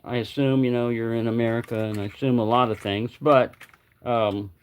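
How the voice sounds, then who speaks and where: A man's voice: medium pitch, fairly even intonation, normal speed, smooth. A man hosting a casual livestream at home, rambling and joking, sometimes mumbling asides to himself. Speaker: livestream host.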